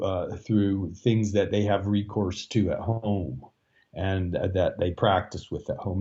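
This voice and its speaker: Man, professor, explanatory interview voice, low-pitched, dull lo-fi recording. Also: dark tone. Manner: explanatory, with frequent fillers and restarts. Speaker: Russian language professor. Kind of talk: interview answers.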